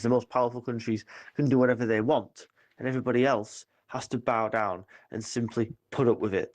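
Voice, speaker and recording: A man from Preston calling a radio phone-in, bluntly and emphatically giving his opinion. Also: mid-range voice. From Preston, England. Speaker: caller.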